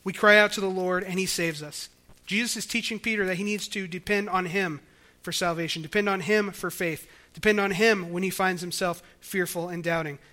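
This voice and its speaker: Young male pastor, high bright voice, casual sermon delivery. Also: steady tone, brisk. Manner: conversational, acts out quoted voices.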